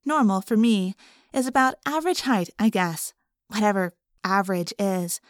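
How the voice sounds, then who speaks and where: A woman's voice: medium pitch, moderate pace, dry recording, clean studio sound. A woman narrating an audiobook in a plain, conversational first-person storytelling way.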